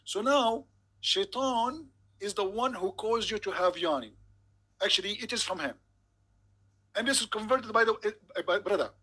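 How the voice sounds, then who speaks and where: A man's voice: high-pitched, lively intonation, normal speed, pushed and bright, husky. A man giving a sarcastic, mock-incredulous comedic monologue. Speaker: comedic commentator.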